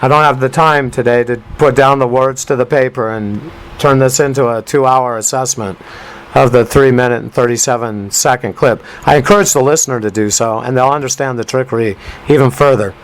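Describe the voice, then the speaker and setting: A man's voice: medium pitch, a little fast, poor audio. A man hosting a talk radio show, commenting on a news clip in an emphatic, rambling way with rhyming asides. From United States.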